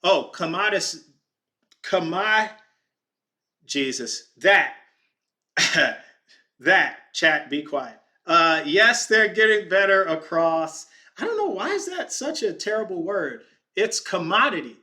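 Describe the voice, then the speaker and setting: A man's voice: high voice, sing-song, takes it slowly, bright, forceful tone. A man hosting a casual vlog, thinking aloud as he goes through stock charts on his screen, stumbling over words and joking with his chat. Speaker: podcast host. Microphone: desk microphone.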